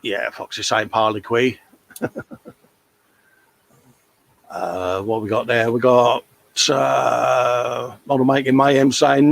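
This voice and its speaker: Bloke hosting a live chat, teasing everyone, mate this mate that, kinda dry close sound. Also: male voice, medium pitch, fairly even intonation, a little slow, creaky, long pauses, dry recording. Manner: jokey banter, calls everyone mate. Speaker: live show host. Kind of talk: casual live-stream chat, reading viewer comments.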